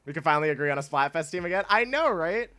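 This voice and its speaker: A young man casually chatting with his chat while playing a video game, laid-back and quick to laugh. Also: on the high side, lively intonation, pushed and bright, smooth. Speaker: streamer.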